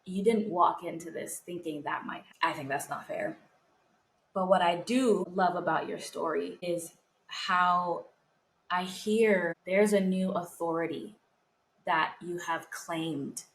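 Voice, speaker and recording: A woman's voice: on the low side, slow. A young woman co-hosting a podcast, talking in an earnest, emotional way about faith and her own life. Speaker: podcast co-host. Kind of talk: heartfelt casual chat.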